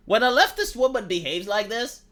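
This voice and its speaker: A sarcastic man rants through his commentary in a high, lively voice that rises and falls a lot. His tone is bright and sharp, and his language is crude. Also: fairly quick. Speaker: commentary vlogger. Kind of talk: opinion commentary rant.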